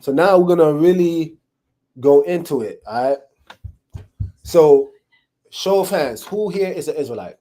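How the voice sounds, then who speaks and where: With a warm, fairly high voice and lively intonation, a man teaches the Bible to a small group in person, unhurried and pausing often. He keeps it casual, checking in frequently with a repeated "right?".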